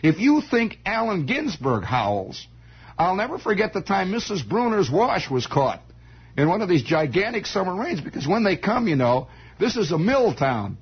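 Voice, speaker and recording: A husky, breathy man hosts a radio show and spins a rambling, folksy story. His voice rises and falls in a lively way, and he chuckles between his many false starts. The sound is dull and lo-fi, like a vintage broadcast. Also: high-pitched, moderate pace. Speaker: radio host.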